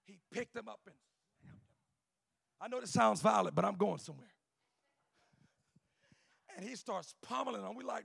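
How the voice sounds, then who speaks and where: A male preacher, delivering a sermon in a chanted, shouting cadence with an "uh" before each phrase, at times dropping to quiet storytelling. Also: high-pitched, normal speed, creaky, pauses often, breathy edge, no room sound.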